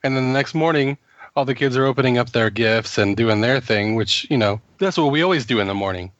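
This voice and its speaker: A man's voice: mid-range voice, a little fast, fairly bright tone, dry recording. A man with a stuffy, congested voice from a cold, chatting on a gaming podcast. He tells crude, joking stories in a dry, close sound. The audio is dull and lo-fi. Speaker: podcast co-host, tattoo artist. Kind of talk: casual podcast chat.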